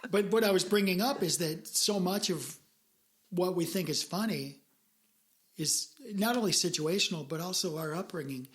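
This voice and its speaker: A woman co-hosting a casual podcast, talking in an earnest, reflective way as she works through her ideas out loud. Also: on the low side, moderate pace. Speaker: podcast co-host.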